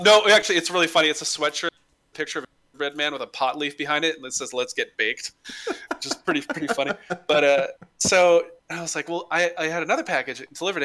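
A man's voice: a little high, bright, forceful tone. A young man in casual chat, animatedly telling a comic story, acting out the quotes and swearing freely.

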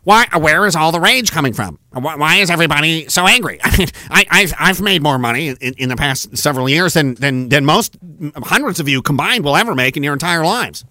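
A man's voice: a little high, lively intonation, fairly quick, sharp tone, dry recording, pitched below the performer's own voice. A man putting on a smug, out-of-touch rich male politician who stammers in condescending mock confusion. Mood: mock-puzzled.

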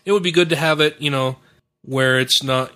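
Profane, bright-voiced podcast host. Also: male voice, fairly high pitch, normal speed. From Utah. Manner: profane storytelling. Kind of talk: casual podcast chat. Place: home studio.

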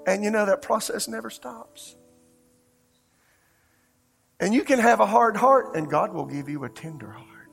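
Gravelly pastor preaching a sermon. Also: male voice, high voice, measured pace, pauses often, soft background music. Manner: conversational storytelling, fervent, addresses the congregation directly.

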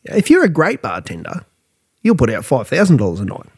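A man's voice: medium pitch, wildly swooping pitch, brisk, slightly rough. A tired, tipsy Australian man in his thirties, co-hosting a crude, casual pub chat. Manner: blunt, swearing, laughs loudly at his own jokes. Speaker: podcast co-host.

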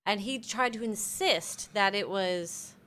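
A woman in her thirties, a keyboardist guest telling animated stories in a casual podcast chat. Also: medium pitch, takes it slowly. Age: 30s. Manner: animated storytelling with laughter.

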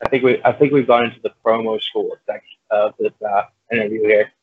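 Male guest, husky, teasing, tinny phone-like line. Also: on the low side, flat delivery, brisk, no echo. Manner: teasing, needling. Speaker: podcast guest, wrestler. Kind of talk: casual podcast chat. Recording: tinny phone-like call audio.

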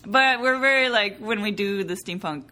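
A young adult woman playwright talking casually in an interview, animated and laughing often as she acts out what people said. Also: medium pitch, moderate pace. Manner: animated, laughing, quotes people in bright voices. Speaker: playwright guest.

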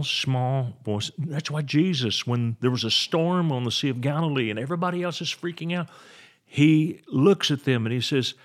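A man teaching the Bible on his podcast in a preaching style, slowing down to stress key words. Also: on the low side, gravelly. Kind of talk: preaching sermon.

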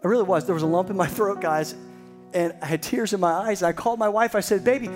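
A pastor telling a personal story in a sermon, building to excited emphasis. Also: male voice, sits high, quick pace, music in the background.

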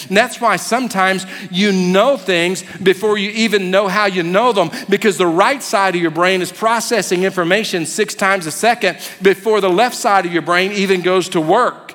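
A man in his fifties preaching a sermon as a pastor, animated and humorous, acting out quotes. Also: high voice. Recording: long hall reverb.

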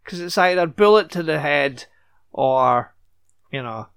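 A man's voice: fairly high pitch, animated, a little slow, vocal fry, a bit bright, smooth, dry recording. Sarcastic chatty man, dry close sound. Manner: chatty, sarcastic asides, swears casually. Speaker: podcast host recapping a TV episode. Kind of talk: casual chat.

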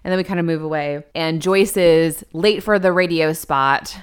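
एक महिला जो घटनाएँ जोश से सुनाती है, आवाज़ साफ़ और गूँजती हुई. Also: female voice, low voice, moderate pace, clean tone. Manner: animated retelling, acts out characters' lines. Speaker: podcast co-host. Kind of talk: casual chat recapping a TV episode.

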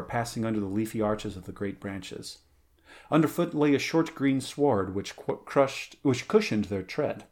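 A man reading a story aloud in a steady manner, now and then correcting small slips. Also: mid-range voice. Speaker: reader. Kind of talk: audiobook reading, amateur.

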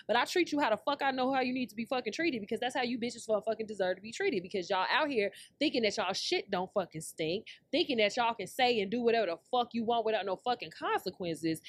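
A woman's voice: on the high side, fast, few pauses, no echo. Blunt, profane woman ranting hotly. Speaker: podcast host. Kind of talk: casual pop-culture commentary.

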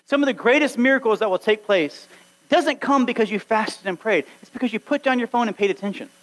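Male pastor, high voice, earnest exhorting sermon delivery in a church. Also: fairly quick, low-quality recording. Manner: earnest, exhorting, acts out quoted dialogue.

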